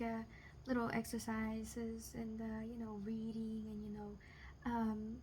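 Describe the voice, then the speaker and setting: A young woman speaks to her viewers in a loose, rambling way, with a voice sitting a little high. She fills her talk with "like" and "you know" and laughs off what troubles her. A faint hum sits behind her. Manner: rambling, many fillers, laughs off serious things. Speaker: vlogger. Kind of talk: casual confessional vlog.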